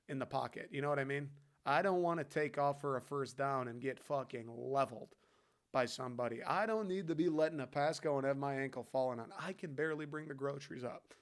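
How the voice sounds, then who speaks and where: A man hosting a podcast, talking sports in a loose, profanity-heavy, fired-up rant and calling his listeners "dude". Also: medium pitch. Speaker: podcast host. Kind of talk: casual sports talk.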